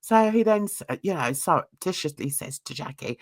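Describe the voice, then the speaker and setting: A woman's voice: sits low, expressive, a little fast, hardly any pauses. A woman reviewing a reality TV show in casual commentary. She sounds gossipy and blunt, laughs often, and uses cheeky slang.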